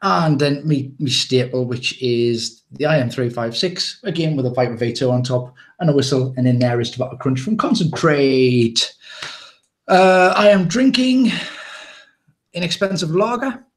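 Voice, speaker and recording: An English podcast host with a medium-pitched, expressive voice speaks at a normal speed on his relaxed live chat show. He's jokey and meandering, with plenty of restarts along the way.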